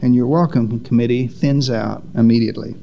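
A man preaching a sermon, with dramatic pauses and sharp drops in pitch for emphasis. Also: steady tone, creaky, lo-fi sound.

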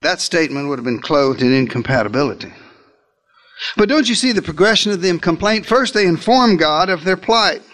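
A man preaches in a high, light voice, telling the story as if he were one of the disciples. He swings between loud, emphatic lines and hushed asides. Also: expressive, a little fast. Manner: dramatic storytelling, speaking as a disciple. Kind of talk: sermon.

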